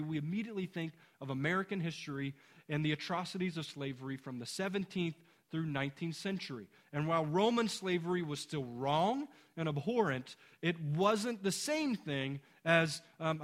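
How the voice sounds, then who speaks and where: A man's voice: fairly high pitch, a bit bright. A man preaching an expository sermon as pastor, reading verses and pressing points with emphatic rises.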